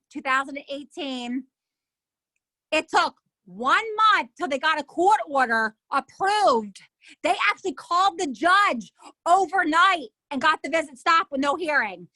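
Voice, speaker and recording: Woman, middle-aged, high-pitched, animated, indignant, acts out others' lines, dry recording. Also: no room sound. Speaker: interview guest. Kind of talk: emotional personal storytelling.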